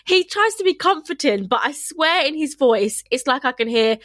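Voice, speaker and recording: Candid woman, bright voice. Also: sits high, lively intonation, no room sound. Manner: candid, emotional, quick to laugh, stumbling restarts. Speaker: podcast host. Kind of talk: casual chat.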